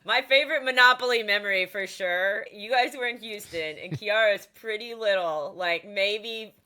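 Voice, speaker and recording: A woman co-hosting a comedy podcast, telling stories in a casual, animated way with lots of "like" and frequent laughter. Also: mid-range voice, moderate pace. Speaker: podcast co-host.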